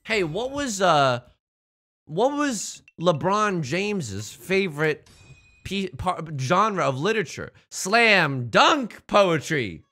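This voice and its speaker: A young man riffs loosely through a casual livestream, bouncing his pitch up and down as he jokes. His tone is bright and forceful, a little high for a man. He circles back and restarts sentences, dropping swears along the way. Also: very animated, takes it slowly. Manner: rambling, jokey, restarts phrases, swears. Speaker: streamer.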